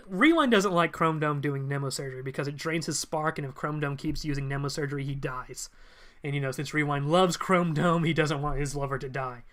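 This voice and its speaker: A man hosting a casual stream, recapping comic storylines in a chatty way with frequent asides. His voice is bright and a little high, and his retelling is loose and conversational. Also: fairly quick. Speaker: channel host. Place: home streaming setup.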